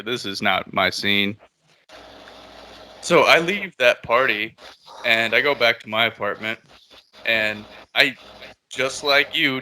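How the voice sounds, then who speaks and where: Bright-voiced man telling a story, casual. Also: medium pitch, a little hiss or hum. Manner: laid-back, swears often, laughs at own story.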